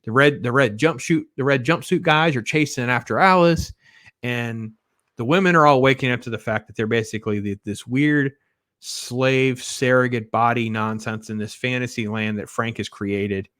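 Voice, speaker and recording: A man in the middle of a casual movie review. His voice sits at an ordinary pitch and comes through dry and close, with no room sound. He rambles and trails off, turning blunt and sarcastic. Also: normal speed, fairly bright tone, dry recording. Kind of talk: casual spoiler review monologue.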